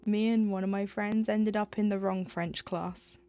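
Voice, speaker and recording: A woman's voice: medium pitch, steady tone, normal speed, warm tone, soft background music. A young woman chatting casually as she stitches on a live stream, telling rambling school stories with laughs. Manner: rambling storytelling with laughs and self-quoting. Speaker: livestreamer stitching cross-stitch. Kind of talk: casual chat while crafting.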